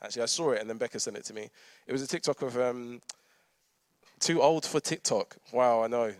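A man's voice: mid-range voice, fairly quick, dry recording, studio quality. A man, preaching a conversational sermon with humorous asides and frequent laughter. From London. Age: 30s.

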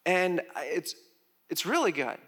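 A man preaching a sermon as pastor, animated, with loud rises, soft drops and chatty asides to the congregation. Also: sits high, unhurried, slightly rough.

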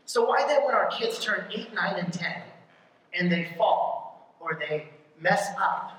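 A pastor giving a conversational sermon, often checking in with the congregation with a quick question, and punching key lines hard. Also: medium pitch, expressive, fairly bright tone. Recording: very echoey hall, mic from far off.

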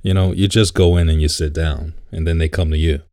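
A man's voice: a bass voice, steady tone, brisk, warm tone, no room sound, clean studio sound. A man co-hosting a podcast, telling stories in a laid-back, casual way, swearing and laughing often. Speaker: podcast co-host. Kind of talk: casual chat.

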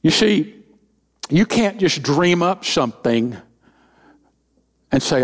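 A man's voice: fairly high pitch, unhurried, pauses often. A middle-aged man preaching as senior pastor, in a folksy way with joking asides and acted-out quotes. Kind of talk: sermon with humorous stories.

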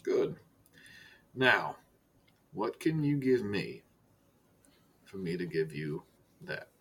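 A quiet, menacing facility director who keeps his voice down and weighs every word, as a game master puts him on. The tone is bright and clear, yet the delivery stays hushed and calculating. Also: big pitch swings, full character voice. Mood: conspiratorial. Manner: hushed, low, deliberate villain voice.

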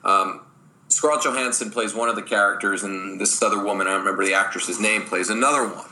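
A man's voice: on the low side, quick pace, bright, forceful tone, rough recording. A man speaking as a dating coach in a podcast interview, emphatic and blunt. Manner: emphatic, blunt, acts out quoted voices.

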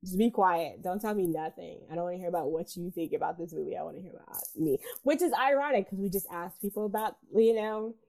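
A woman's voice: on the low side, lively intonation, fast talker, few pauses, a little mellow. Weary, candid woman podcast co-host. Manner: candid, weary, laughs often, swears casually. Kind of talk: casual chat.

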